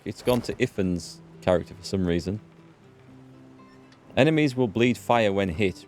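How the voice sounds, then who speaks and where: Chatty low-voiced English man. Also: darkish tone. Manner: rambling, chatty, restarts often. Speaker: gaming host. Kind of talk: casual let's play commentary. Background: faint game music.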